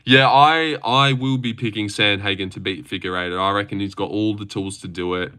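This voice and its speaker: A young man hosts a livestream where he reacts to fights, chatting loosely and crudely with plenty of swearing as he answers chat and trips over his words. His voice sits lowish and steady, brisk and sharp, with a clear, resonant tone.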